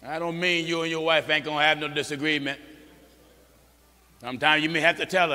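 A man's voice: a little high, little pitch movement, fairly quick, long pauses, bright, forceful tone, long reverb tail. A male pastor preaching an emphatic sermon, repeating scripture lines and calling for responses from the congregation.

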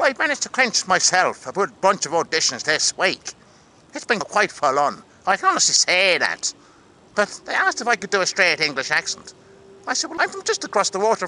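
A man's voice: high-pitched, sing-song, bright, forceful tone, full character voice, poor audio. A man voicing a boastful male Irish actor living in London, telling audition stories in a comic spoof vlog. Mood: storytelling. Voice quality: storytelling, quick asides.

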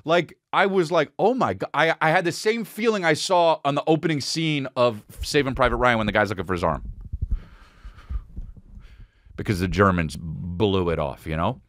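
Profane, animated man telling a comic story. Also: medium pitch, moderate pace, no room sound, clean studio sound. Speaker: podcast host.

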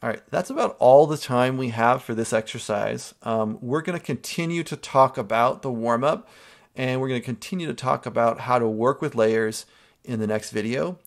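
Teacher guy w a gravelly voice walking students thru a drawing tutorial step by step, keeps saying okay?. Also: mid-range voice, normal speed. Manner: step-by-step instructing, checks in with a frequent "okay?". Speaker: art teacher. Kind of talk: screen-recorded drawing tutorial.

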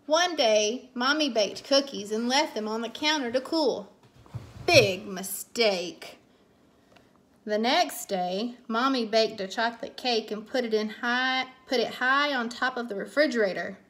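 A woman teacher reading a children's picture book aloud as a bedtime story, expressive and warm in delivery with voices for the characters. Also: fairly high pitch, measured pace.

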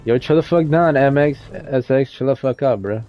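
A man's voice: medium pitch, moderate pace, dull audio. Young man hosting a game stream. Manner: loose slangy banter, calling players by name. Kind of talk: casual live-stream commentary.

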